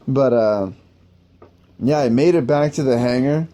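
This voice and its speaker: A man tells a personal story in a loose, rambling way, his speech packed with swearing and filler words. His voice is mellow and dark, and he sometimes laughs at himself. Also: medium pitch, unhurried. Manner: rambling, profane, heavy use of "like". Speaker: podcast host telling war stories.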